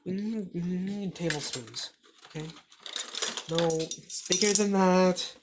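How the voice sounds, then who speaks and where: A young woman hosts a joking, casual cooking vlog in her home kitchen, rambling, mocking herself, and swearing freely. Her lowish voice is slow, buried in heavy background noise from clattering dishes and cutlery.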